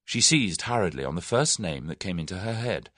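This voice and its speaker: A man narrating an audiobook in an expressive storytelling manner. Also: deep voice, brisk, no echo, studio quality. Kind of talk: scripted narration.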